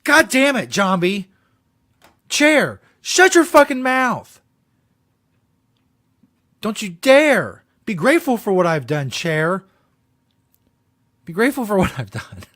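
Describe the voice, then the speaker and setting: A man mocking a furious woman, yelling and swearing at a chair in an exaggerated put-on voice. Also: sits high, sing-song, normal speed, pauses often, dry recording, clean studio sound, heavily acted. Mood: mock fury.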